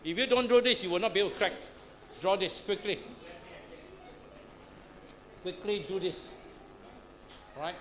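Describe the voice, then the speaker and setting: A man's voice: sits high, unhurried, pauses often. A man teaching a class, quizzing students with frequent "huh?" and "all right". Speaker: Pathfinder class instructor. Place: church classroom. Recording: noisy room recording.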